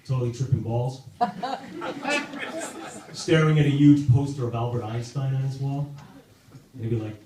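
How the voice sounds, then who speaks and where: A man doing a halting, self-deprecating stand-up set with many fillers and restarts, in a club basement with a live audience. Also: mid-range voice. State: sober, in recovery. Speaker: stand-up comedian. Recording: very echoey room, distant mic, audible noise.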